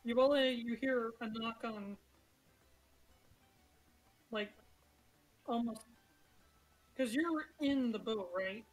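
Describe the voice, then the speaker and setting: A woman running a tabletop game as game master, narrating in a relaxed, chatty way and joking with her players. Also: fairly high pitch, slow pace, long pauses, rough recording.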